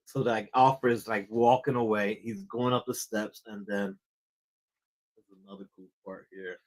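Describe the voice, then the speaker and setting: A man's voice: on the low side, steady tone, a little slow, darkish tone, poor audio. A man hosting a comic book show, chatting casually about a book, rambling, repeating words and often saying "man".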